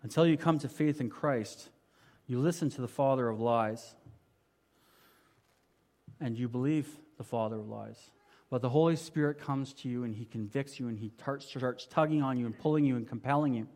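A man preaching a sermon in a conversational way, asking the congregation rhetorical questions and moving between emphatic and quiet passages. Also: normal speed. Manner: swings from emphatic to quiet and low. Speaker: pastor.

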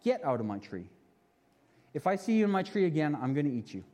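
A man voicing a big, fat, mean male lion who speaks in a low, menacing way, heard in a reverberant hall. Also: sing-song, a little fast, dark tone. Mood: threatening.

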